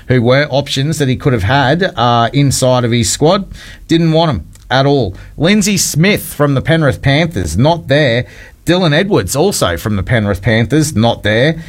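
An Australian man hosting breakfast radio, taking phone calls and talking sport in a chummy, upbeat way, calling people mate. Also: medium pitch. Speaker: radio host.

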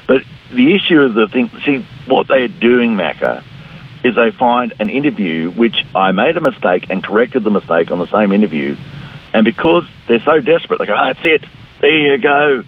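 A middle-aged Australian politician talks at a moderate pace in a fairly low, husky, sing-song voice during a radio interview recorded over a phone line. He's a blunt, combative guest who mimics the other side.

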